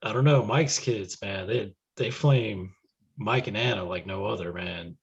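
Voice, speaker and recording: A young man co-hosts a casual podcast in a laid-back way and laughs easily. His voice is low, gravelly and husky. He speaks slowly and unhurriedly. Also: dull audio. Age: young adult. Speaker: podcast co-host. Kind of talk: casual chat.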